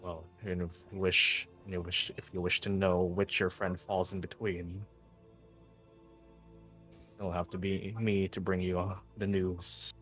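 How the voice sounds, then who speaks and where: A man's voice: deep voice, level tone, measured pace, a bit bright, faint music behind. A man voicing a blunt, stern female campus healer who talks in a curt, disapproving, matter-of-fact way.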